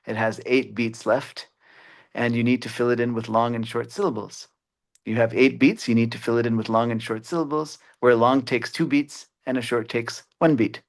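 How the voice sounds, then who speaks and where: Man lecturing, halting with many fillers. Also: mid-range voice. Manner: explanatory, with frequent "uh" fillers. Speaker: mathematics educator. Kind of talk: webinar lecture.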